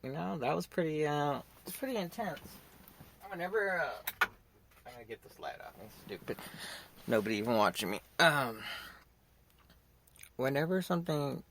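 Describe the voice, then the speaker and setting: A man's voice: a little high, moderate pace, vocal fry, long pauses, a little hiss or hum. A young man hosting a podcast, telling a story in a rambling, casual way. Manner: rambling, animated when acting out quotes. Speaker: podcast host.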